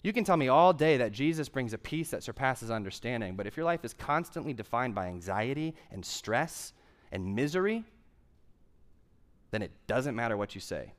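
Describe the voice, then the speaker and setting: A young man delivers a sermon in a relaxed, talky way. He circles back to key phrases and repeats them for emphasis, then drops into asides and fillers before pressing the point again. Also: medium pitch, moderate pace. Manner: conversational preaching with emphatic repetition. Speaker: pastor.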